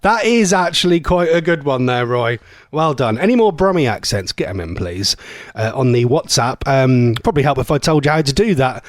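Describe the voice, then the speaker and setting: A man's voice: mid-range voice, animated, moderate pace, dry recording, clean studio sound. A man hosting a live local radio show, chatting casually and rambling with self-mocking asides. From England. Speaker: radio host. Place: radio studio. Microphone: studio mic.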